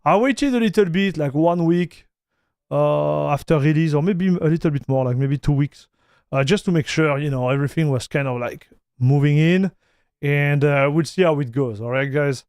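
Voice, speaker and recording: A man's voice: a little high, normal speed, darkish tone, smooth, dry recording, clean studio sound. A man with a French accent, a native French speaker, casually hosting a gaming livestream and greeting viewers one by one with a laugh. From North America. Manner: chatty, greets viewers by name, mixes in French and Spanish phrases, laughs often. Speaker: streamer reviewing Linux gaming.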